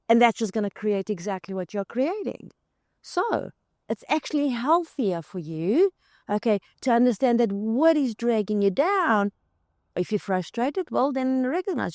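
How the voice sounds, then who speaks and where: A woman delivers a motivational spiritual talk straight to the listener, leaning on repeated words for emphasis. Her voice sits at an ordinary middle pitch. The recording is dry and close, with little room sound. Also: very animated, a little slow, darkish tone, no room sound. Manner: addresses the listener directly as "you". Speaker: host.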